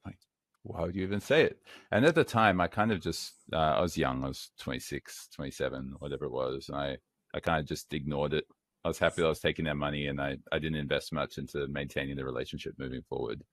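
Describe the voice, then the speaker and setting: A man's voice: rumbling low, fast, no echo. A man in his thirties hosting a podcast, talking frankly and conversationally and swearing now and then. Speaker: podcast host. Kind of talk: podcast interview.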